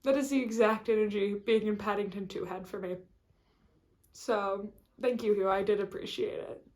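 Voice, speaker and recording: A woman's voice: mid-range voice, fairly even intonation, moderate pace, darkish tone. A woman vlogging in a casual, rambling chat to camera, full of fillers and restarts.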